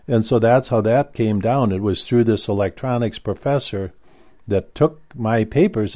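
Speaking at normal speed in a low, slightly mellow voice, an older man reminisces casually about earlier days. The telling is rambling and keeps breaking off and restarting.

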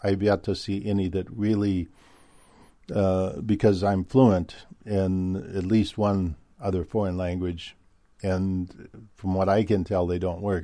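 A man's voice: sits low, mellow, no echo. A man from Minnesota with a Midwestern American accent, talking in a rambling casual monologue with many fillers and restarts.

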